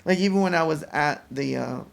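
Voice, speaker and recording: A mentally exhausted man talking in a casual personal vlog, weary and rambling, with halting restarts. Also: fairly high pitch, creaky. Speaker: vlogger.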